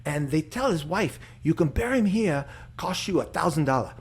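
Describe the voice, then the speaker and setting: A man's voice: on the high side, animated, normal speed, husky, pitched above the performer's own voice. A man imitating a blunt, insistent priest from the Philippines with a strong Filipino English accent, clipped and repetitive. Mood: storytelling. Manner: clipped, commanding, repeats himself.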